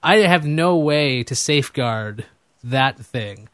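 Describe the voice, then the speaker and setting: A man's voice: medium pitch, expressive, takes it slowly, fairly bright tone, dry recording, clean studio sound. Candid, self-deprecating male podcast host. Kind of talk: casual conversation.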